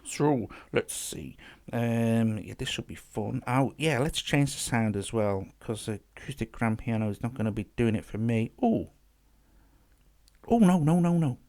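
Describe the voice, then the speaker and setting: A man's voice: mid-range voice, fairly even intonation, moderate pace, hardly any pauses, a little mellow. A man hosting a casual music app demo, chatting and thinking aloud as he works, often restarting his phrases. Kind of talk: casual tutorial talk-through.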